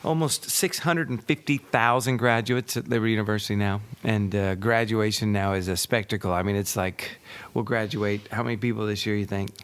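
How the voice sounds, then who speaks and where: A man's voice: on the low side, steady tone, a little fast, hardly any pauses, clear, resonant tone. A middle-aged man co-hosting a podcast, chatting casually in a rambling way, often restarting his sentences. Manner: chatty, rambling, self-correcting. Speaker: podcast co-host.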